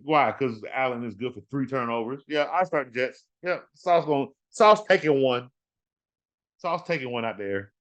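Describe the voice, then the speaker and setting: A man with a mid-range voice hosts a fantasy football podcast, talking casually in an animated, trash-talking way and repeating words for emphasis.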